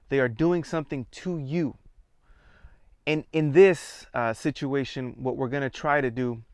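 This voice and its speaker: A man at medium pitch with a smooth, resonant voice guides a theatre exercise. He speaks calmly and in measured steps, counting the group in. The sound is close and dry. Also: no room sound. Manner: calm, measured, counts students in and prompts them. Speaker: theatre workshop leader.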